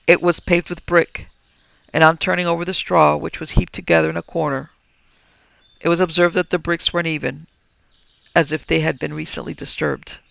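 A man narrates a story in a steady, measured voice with a gravelly texture, sitting slightly high in pitch. The sound is dry and close, with no room around it. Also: no echo. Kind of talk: reading a story aloud.

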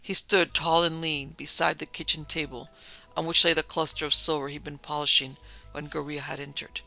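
A man narrating an audiobook in a measured, dramatic way. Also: on the high side, level tone, vocal fry, bright, forceful tone, low-quality recording. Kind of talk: audiobook reading. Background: faint music.

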